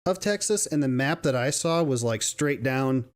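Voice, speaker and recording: A man's voice: mid-range voice, animated, normal speed. A man co-hosting a casual podcast chat, rambling with frequent restarts and laughs. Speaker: podcast co-host.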